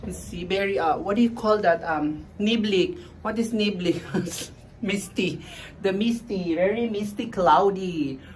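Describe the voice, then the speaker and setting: A woman's voice: medium pitch, measured pace, a little mellow, a little hiss or hum. A woman with a Filipino accent in a casual morning vlog, chatting and searching for words as she mixes in Tagalog. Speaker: vlogger. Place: outdoors on a balcony, then in a home kitchen.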